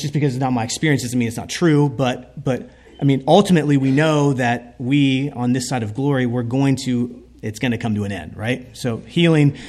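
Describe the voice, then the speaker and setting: A man telling a heartfelt story in a sermon, speaking earnestly as a preacher. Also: medium pitch.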